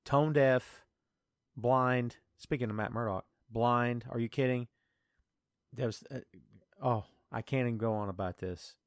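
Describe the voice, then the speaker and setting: A man's voice: medium pitch, unhurried, no echo, clean studio sound. A man hosting a podcast in casual chat, ranting in an exasperated way. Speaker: podcast host.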